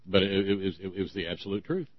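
A man co-hosting a talk show, talking in a sarcastic, ranting way with many halting restarts. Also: deep voice, lively intonation, no echo, dull audio. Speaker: podcast co-host. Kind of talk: casual opinion talk.

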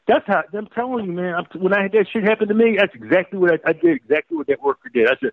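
A male talk radio host in full rant, profane and emphatic. His higher-leaning voice swings widely in pitch. The sound is dry and narrow, like a phone line. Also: very animated, very fast, vocal fry, hardly any pauses, dry recording.

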